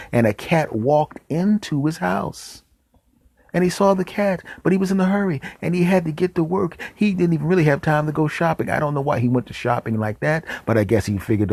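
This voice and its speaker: A man hosting a podcast, telling absurd comic stories deadpan and dropping whispered asides. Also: medium pitch, no echo. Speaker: podcast host. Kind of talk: comic storytelling monologue.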